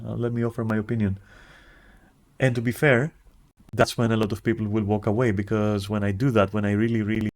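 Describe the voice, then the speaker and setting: A man streamer ranting casually and bluntly, swearing freely and acting out little conversations as he talks. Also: darkish tone. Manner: acts out conversations with shifting pitch.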